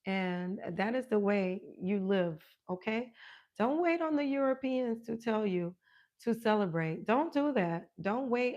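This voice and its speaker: An older woman and fitness coach chatting casually with viewers on a live stream, animated, laughing often and greeting people by name. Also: fairly high pitch, slow. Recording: dull lo-fi stream audio.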